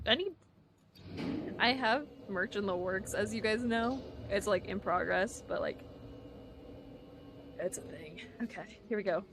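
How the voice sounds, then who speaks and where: A woman's voice: mid-range voice, a little hiss or hum. A woman streamer chatting casually with her viewers while playing a game live, giggling often. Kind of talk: live-streamed gameplay chat.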